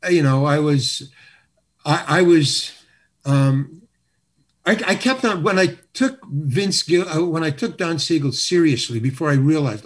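Husky older man telling show-business stories. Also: on the high side, animated, measured pace. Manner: rambling, self-interrupting, wry. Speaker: guest, comedian. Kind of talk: anecdotal storytelling.

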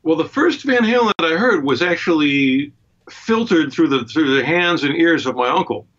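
A man's voice: a little high, expressive, moderate pace, fairly bright tone, lo-fi sound. A man, a guitarist being interviewed from his home studio, telling stories in a laid-back, wry way. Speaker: guitarist and guest. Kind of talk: relaxed interview chat.

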